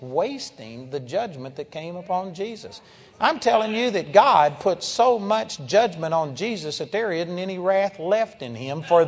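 A man preaching a sermon at a seminar, emphatic, moving between hushed and forceful delivery. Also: high voice, long reverb tail.

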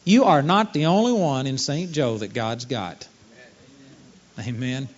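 A man's voice: mid-range voice, expressive, measured pace. A man preaching a sermon, telling stories and acting out the voices of the people in them. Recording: dull lo-fi sermon recording.

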